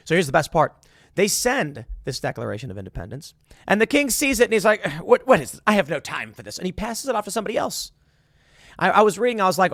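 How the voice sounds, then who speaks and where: A man with a fairly high voice hosts a political commentary show, delivering a sarcastic monologue that ridicules the people he quotes. He's animated and acts out their lines in mocking voices. The recording is clean studio audio with no room sound.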